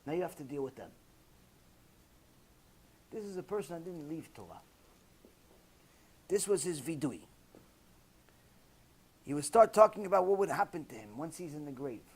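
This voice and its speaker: Rabbi, male, high voice; insistent preacher who hammers points with repetition and rhetorical questions. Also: lively intonation, normal speed, pauses often, breathy edge. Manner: emphatic, repeats key phrases, rhetorical questions. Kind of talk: Torah lecture sermon.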